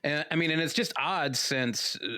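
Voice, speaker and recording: A man's voice: on the high side, moderate pace, bright, forceful tone, dry recording. A man co-hosting a book podcast, chatting casually, laughing often and chiming in with short agreements. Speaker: podcast co-host. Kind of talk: casual book-club chat.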